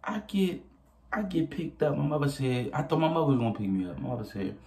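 A young man telling a story casually to his viewers, animated and profane, often laughing as he goes. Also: medium pitch, fast talker. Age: young adult. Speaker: vlogger.

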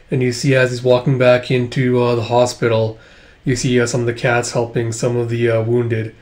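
A man's voice: mid-range voice, completely flat delivery, moderate pace, darkish tone. A man casually narrating a comic aloud with many fillers. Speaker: comic reader, channel host.

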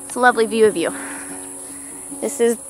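Woman cooing at farm animals. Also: a little fast. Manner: coos to animals in a high baby-talk voice. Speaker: farm vlogger. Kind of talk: casual tour chat. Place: outdoors on a farm. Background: background music.

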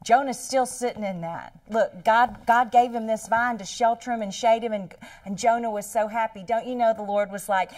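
Woman teaching bible study, lively and chatty, acts the story out, dry sound, bit far from the mic. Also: a little high, normal speed, no room sound. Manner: animated, dramatizing the story with laughing asides.

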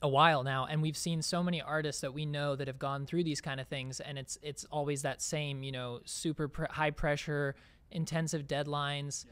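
A man's voice: a little high, flat delivery, normal speed, a bit bright, clear, resonant tone. A man hosting a casual podcast conversation in a room, speaking in a reflective, encouraging way. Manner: reflective, encouraging, with frequent restarts. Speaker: podcast host. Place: room in Nashville.

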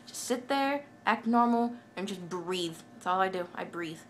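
Young female vlogger, hyper and giggly, medium pitch, light hiss. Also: animated, normal speed, a bit bright. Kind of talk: casual hyper rambling chat.

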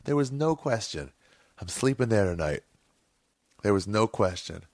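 A man's voice: on the low side, very animated, a little slow, darkish tone, dry recording, clean studio sound. A man hosting a podcast, telling a long rambling story in casual, profane talk, often correcting himself mid-sentence. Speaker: podcast host.

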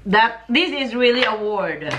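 A Filipino-accented woman coaching her husband through Tagalog words with a lively, swooping pitch. She speaks slowly and patiently, breaking into laughs. A faint hiss sits behind her voice. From Philippines. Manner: patient, laughs often, drills sounds. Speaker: wife teaching Tagalog. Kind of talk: casual home language lesson.

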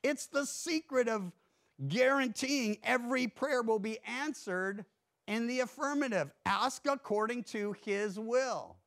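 A man pastor preaching a sermon in a church, earnest, swinging between emphatic rises and hushed drops. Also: very high voice, unhurried.

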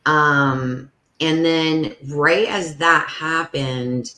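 A woman guest on a podcast, telling a story in a casual, animated way. She fills her talk with "like" and acts out the voices in the story. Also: deep voice, extremely slow. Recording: roomy echo.

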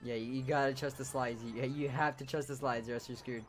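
A man giving casual commentary over his own gameplay, with hiccups, swinging between loud surprised outbursts and low muttering. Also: brisk, soft background music. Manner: excitable, shouts in surprise then mutters low. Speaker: gaming YouTuber.

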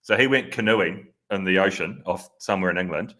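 A man, a podcast co-host recounting a story in relaxed, halting casual chat. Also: sits low.

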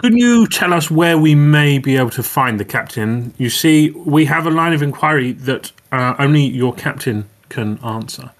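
A man's voice: mid-range voice, lively intonation, moderate pace, few pauses. A man talking as a player in a tabletop game over a voice call, friendly and plain. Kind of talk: casual chat in a tabletop game.

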